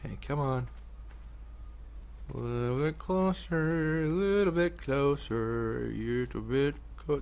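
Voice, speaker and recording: A young man giving casual let's play commentary as a gaming YouTuber, swinging from low mutters to loud excited outbursts. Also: a little slow, pauses often.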